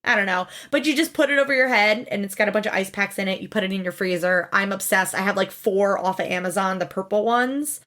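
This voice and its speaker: A woman's voice: quick pace, hardly any pauses. A woman co-hosting a podcast, chatting casually and expressively as she recaps a TV show, swearing freely and acting out quotes. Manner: animated, expressive, swears freely, acts out quotes with big pitch jumps. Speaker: podcast co-host.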